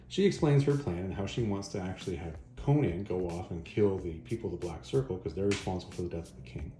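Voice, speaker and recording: A man's voice: low voice, animated, quick pace, mellow. A man casually retelling a comic story, chatty, tossing off bits of the characters' dialogue as he goes. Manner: chatty, acts out quoted dialogue in passing. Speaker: comic reviewer. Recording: echoey room, faint background music.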